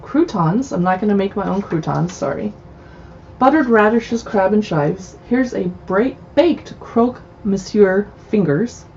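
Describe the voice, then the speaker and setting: On a relaxed livestream from her home in a city, a woman from the US West Coast flips through cookbooks, reading recipe titles and chatting as she goes. Her mid-range voice is animated, slightly mellow, and measured in pace. There's a little hiss or hum on the muffled recording.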